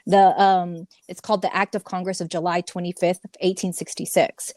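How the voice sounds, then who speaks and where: A woman's voice: on the low side, flat delivery, moderate pace, darkish tone, dry recording, clean studio sound. A woman on a panel explaining research with dates and references, reading from her notes. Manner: informative, cites notes and dates. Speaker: panel guest. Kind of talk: casual panel discussion.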